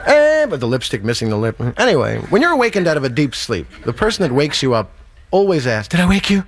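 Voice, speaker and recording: A man telling a stand-up comedy story, acting out both sides of a phone call with high squeaky voices. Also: quick pace, crowd noise. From New York. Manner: animated, acts out characters with squeaky high voices.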